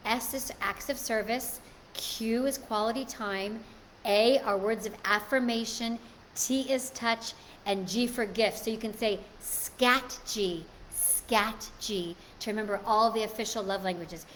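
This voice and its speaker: A woman's voice: on the high side, unhurried, fairly bright tone, slight background noise. A woman hosting a live stream, chatting casually and answering viewer comments. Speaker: livestream host.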